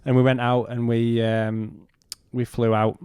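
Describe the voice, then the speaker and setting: A man, a podcast guest, telling a personal story in a halting way and retelling what was said in his own words. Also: medium pitch, little pitch movement, darkish tone, clear, resonant tone, no room sound, clean studio sound.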